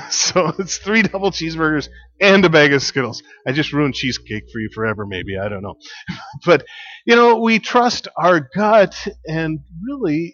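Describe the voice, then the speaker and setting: A man's voice: fairly high pitch, a bit bright, muffled recording. A man preaching a sermon as pastor, telling stories in a chatty way with fillers and laughter.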